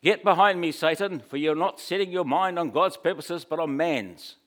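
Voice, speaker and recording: A man voicing a stern teacher delivering a loud, forceful rebuke. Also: on the high side, moderate pace, pitched above the performer's own voice, natural voice.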